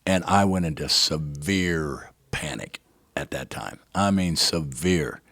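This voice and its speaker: Speaking slowly in an extremely low voice, an older man tells an emotional personal story as a talk show guest, with no echo in the recording. He's an animated narrator who acts out the dialogue and often asks "right?".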